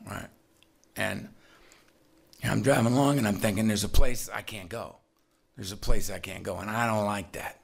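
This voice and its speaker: A man speaking in a relaxed, conversational way, telling a personal recovery story and acting out the people in it. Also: on the low side, gravelly. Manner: animated storyteller, acts out voices, laughs often.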